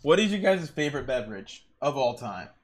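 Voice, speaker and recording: A young man streaming while he draws, rambling through excitable stories and exclamations. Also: mid-range voice, a little fast. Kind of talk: casual chat while drawing on stream.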